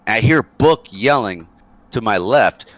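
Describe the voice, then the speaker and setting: A man with a low voice tells a long, rambling story with lots of fillers and chuckles. His pitch swings widely as he talks, and the sound is dry and close, like a voice call. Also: expressive, slow, a bit bright, no echo. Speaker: interview guest, former soldier. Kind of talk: casual storytelling.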